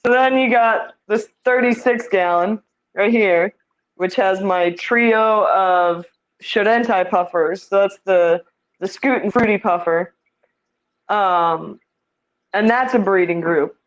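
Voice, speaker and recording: A woman's voice: medium pitch, slow, highs cut off. A woman giving a casual tour of the fish tanks in her home, chatty and self-deprecating, laughing easily.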